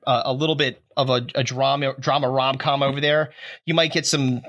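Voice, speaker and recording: A man's voice: mid-range voice, flat delivery, fairly bright tone, lo-fi sound. A man co-hosting a podcast in casual chat, jokey and swearing freely. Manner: jokey, swears, quick reactions. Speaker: podcast co-host.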